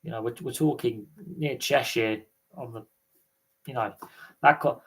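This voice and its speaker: A man's voice: mid-range voice, measured pace, vocal fry, a bit bright, husky. A man with a Thames Valley English accent, hosting a casual livestream chat, rambling with lots of fillers and restarts. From England. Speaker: livestream host.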